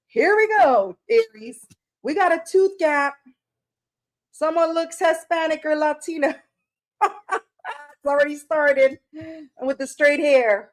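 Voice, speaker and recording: A woman's voice: high voice, steady tone, slow, pauses often. A woman reading tarot on a casual live stream, chatty and rambling, greeting viewers by name and laughing at her own slips.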